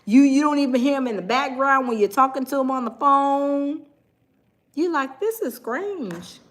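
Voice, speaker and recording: A woman hosts a casual livestream, talking straight to her chat. Her voice sits high and sounds bright and forceful. She is sassy and animated, and she reads out viewer comments as she goes. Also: normal speed. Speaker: livestream host.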